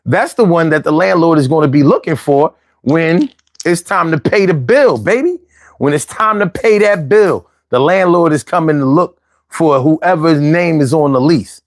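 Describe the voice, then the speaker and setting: A man's voice: a little high, expressive, normal speed, no echo, studio quality. A man with a Philadelphia accent hosting his own show, giving casual, slangy advice with jokey asides. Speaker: host.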